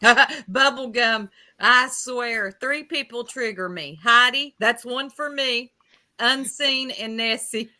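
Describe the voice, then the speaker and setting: A woman's voice: on the high side, slow pace, pushed and bright. A woman hosting a casual online panel chat, talking freely and laughing often. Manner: chatty, laughs often, says "y'all".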